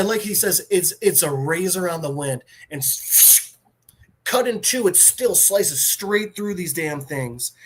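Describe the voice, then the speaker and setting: A man hosting a podcast, casually recapping a comic in an animated storytelling way, full of fillers. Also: high-pitched. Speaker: podcast host.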